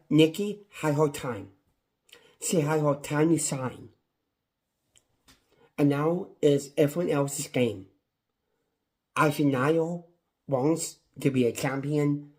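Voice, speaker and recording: A man's voice: fairly high pitch, slow, long pauses, darkish tone. A man reviewing a wrestling show on his own, in a passionate, repetitive rant. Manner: impassioned, ranting, repetitive. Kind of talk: casual solo review.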